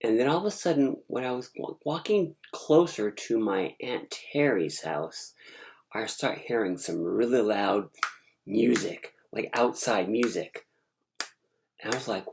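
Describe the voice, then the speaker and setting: A woman casually recounting a dream in an animated, rambling, digressive way. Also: very deep voice, measured pace. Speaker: storyteller. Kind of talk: casual storytelling.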